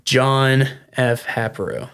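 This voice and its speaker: A man running a tabletop role-playing game as game master, describing scenes with many pauses and restarts. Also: mid-range voice, steady tone, a bit bright, smooth, faint music behind. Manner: halting, many fillers and restarts.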